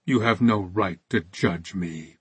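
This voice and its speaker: A man voicing a weary, guilt-ridden older priest who speaks in a low, subdued, defensive way. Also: slow, fairly bright tone, slightly rough, dry recording, full character voice.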